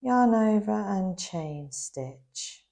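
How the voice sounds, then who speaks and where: In a warm, mid-range voice that's animated yet creaky, a crochet instructor walks through a craft tutorial slowly and patiently. She's losing her voice a little, and it shows some wear.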